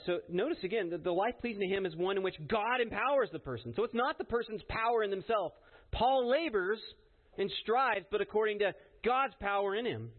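A man preaching a sermon in an earnest, emphatic way, often checking in with his listeners by asking "right?". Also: high-pitched. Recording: tinny phone-like sound.

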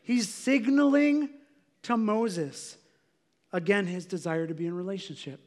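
A man's voice: high voice, moderate pace. A man preaching a sermon as a pastor, in a conversational way, often saying "like" as he explains. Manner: conversational, filler "like".

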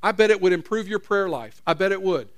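Middle-aged pastor, high voice, chatty sermon style, talks straight to the pews. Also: male voice, expressive, quick pace. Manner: conversational, repeats phrases, questions the audience. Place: church.

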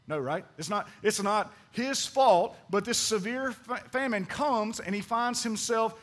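A man preaching a sermon in a drawl, his voice sitting high for a man. He keeps turning to the congregation, calling for answers and acting out the people in his stories. The delivery is lively and theatrical. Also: a little slow. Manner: preaching with call-and-response to the congregation; dramatic, acts out quoted voices. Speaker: pastor.

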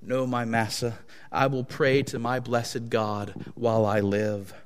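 A man's voice: mid-range voice, takes it slowly. A man doing a meek, faithful enslaved man. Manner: quiet, humble and steady. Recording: long echo of a large hall.

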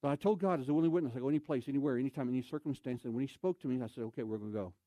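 Animated preaching man, dry close sound. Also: medium pitch, racing, no room sound. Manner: animated, with loud exclamations and quoted voices. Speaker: evangelist. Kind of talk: sermon storytelling.

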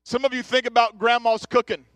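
A man's voice: very high voice, little pitch movement, fairly quick, a bit bright, smooth, no echo. A man in his thirties preaching a conversational sermon, joking and chatting straight to his congregation. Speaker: pastor. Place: church sanctuary.

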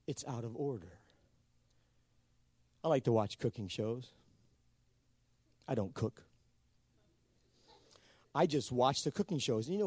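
A man preaching a sermon in an animated way, calling on the congregation for answers. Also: mid-range voice, slightly rough, no room sound. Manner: animated, calls for responses from the congregation.

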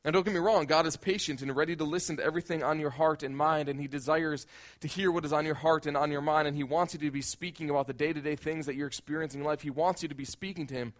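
A man's voice: on the high side, fairly even intonation, quick pace, hardly any pauses. A male pastor preaching a conversational sermon, often repeating words as he builds a point.

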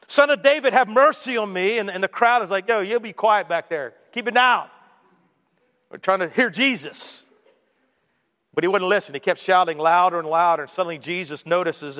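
Hoch sprechender Prediger in einer Halle. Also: male voice, high-pitched, big-room sound. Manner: animated storytelling, drops to quiet emphasis. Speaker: pastor. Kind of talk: sermon.

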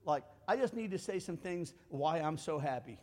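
A man preaching a sermon, swinging between loud, fervent exhortation and hushed, intimate talk. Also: on the high side, expressive, moderate pace. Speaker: pastor. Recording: long hall reverb.

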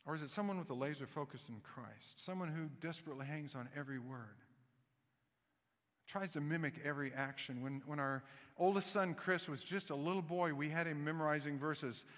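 A man delivers a sermon in an animated, storytelling way, breaking into little voiced asides. His voice sits high and bright. The sound carries a long hall reverb, as in a church sanctuary. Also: a little fast. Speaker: pastor.

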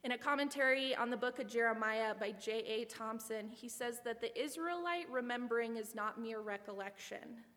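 Woman preacher, fairly high voice, earnest sermon delivery, long hall reverb. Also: normal speed, hardly any pauses, a bit bright. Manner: reflective, earnest storytelling.

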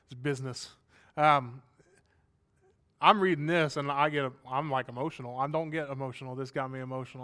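Smooth-voiced male pastor preaching. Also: mid-range voice, fairly bright tone. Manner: earnest, building to emphatic passages, with dry asides. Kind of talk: sermon.

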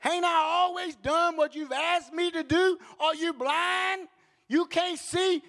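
A man's voice: extremely high pitch, steady tone, slow, sharp tone, voice pushed up, exaggerated voice. A preacher voicing a hurt male donkey that pleads with its owner in a stream of complaining questions. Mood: pleading.

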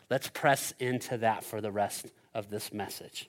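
A man preaching a sermon as pastor, animated and playful, swinging between loud urgency and quiet emphasis. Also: fairly low pitch, a little slow, few pauses. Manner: playful asides and silly voices for the disciples.

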